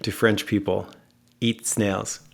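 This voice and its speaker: A man's voice: fairly low pitch, flat delivery, slow pace, vocal fry. A man with an American accent hosting a podcast in a casual, upbeat, joking way. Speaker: podcast host.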